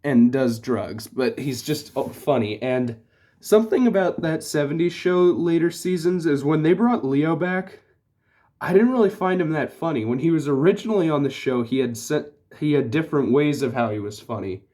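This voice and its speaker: A man's voice: fairly high pitch, animated, moderate pace, warm tone. A man talking casually as a TV reviewer, rambling with frequent "like" and restarts. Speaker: TV show reviewer.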